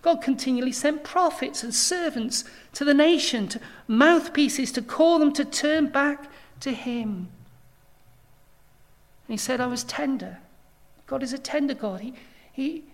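Woman preacher, slow and earnest, somewhat high voice, pleading sermon delivery. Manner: earnest pleading with sudden rises in intensity. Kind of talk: evangelistic sermon.

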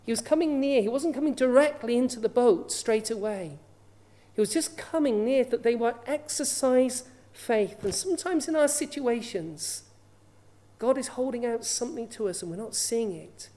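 A woman's voice: on the high side, lively intonation, normal speed, warm tone. A woman preaching a sermon in an earnest way, often asking her listeners rhetorical questions.

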